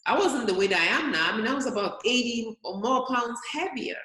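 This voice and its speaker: A physician in her early fifties, appearing as a weight loss guest on an interview, tells energetic stories and acts out her own inner voice. Her fairly high, sharp-toned voice moves briskly with lively intonation, and the room has a noticeable echo.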